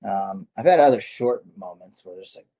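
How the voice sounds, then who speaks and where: A middle-aged man, a former fighter, tells stories in a loose, rambling way, often correcting himself and laughing. His voice sits low and sounds husky. His tone stays dark and mellow. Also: lively intonation, normal speed. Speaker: guest, former MMA fighter. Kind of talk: casual storytelling interview.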